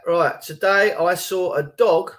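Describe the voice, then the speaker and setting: A man's voice: high voice, slow pace, a bit bright. Chatty man, rambling. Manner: chatty, rambling, retells phone calls in reported speech. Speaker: channel host. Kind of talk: casual chat.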